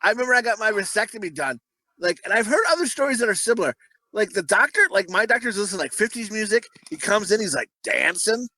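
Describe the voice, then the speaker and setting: A middle-aged man rambles through crude personal stories on a casual podcast, cursing freely. His voice is high and bright. It moves up and down a lot. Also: animated, fast, dry recording. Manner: rambling, profane anecdotes with laughing asides. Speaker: podcast co-host.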